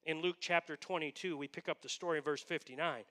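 Brief: male pastor, conversational sermon, high-pitched, bright and sharp. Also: steady tone, fast talker. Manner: conversational storytelling, dropping to hushed tones.

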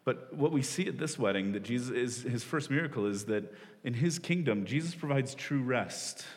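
A man's voice: mid-range voice, expressive, moderate pace. A man in his forties, a pastor preaching a sermon in a loose, conversational way, often laughing at himself. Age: 40s. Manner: conversational, self-deprecating, with frequent laughs and restarts. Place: church hall. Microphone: stage microphone. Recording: long reverb of a large hall.

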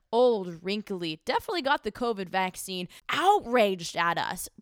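A woman's voice: medium pitch, fairly bright tone, smooth, no room sound, studio quality. A young woman delivering indignant, sarcastic political commentary with rhetorical questions. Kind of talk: opinionated commentary monologue.

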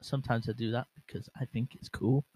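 On his solo podcast, a young man talks briskly in a mid-range, darkish voice with fairly even intonation, rambling, poking fun at himself, and restarting often with plenty of fillers. Audio is poor, captured on a bare mic without a windscreen while he listens on a headset.

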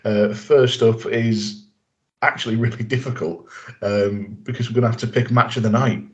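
A man hosting a podcast in a relaxed, joking manner. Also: medium pitch, normal speed, muffled recording. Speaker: podcast host. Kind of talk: casual podcast chat.

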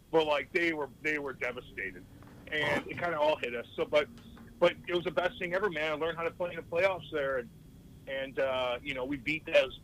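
A man, a former hockey player, telling rambling, profane stories in a casual podcast chat with lively voiced quotes. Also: fairly high pitch, a little hiss or hum, poor audio.

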